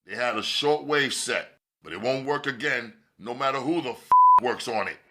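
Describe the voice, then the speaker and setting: Audiobook side role: cocky gang member, loose slangy delivery, voiced higher than the reader, by a man. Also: moderate pace, sharp tone. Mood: pleased. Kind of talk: audiobook character voice.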